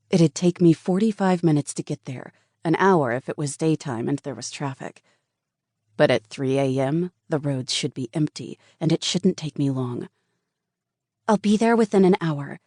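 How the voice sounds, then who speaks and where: A woman's voice: deep voice, warm tone, no room sound, studio quality. A woman narrating a first-person romance audiobook in an earnest, intimate way.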